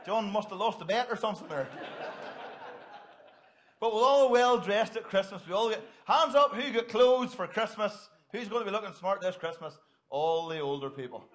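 A man's voice: sits high, normal speed, a bit bright. A middle-aged man, giving a jokey, upbeat children's talk in church and directing volunteers. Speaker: pastor.

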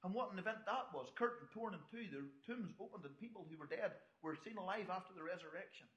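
Bright-voiced preacher, echoey hall. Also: male voice, high-pitched, lively intonation, quick pace. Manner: conversational, storytelling asides to the congregation. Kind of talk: sermon.

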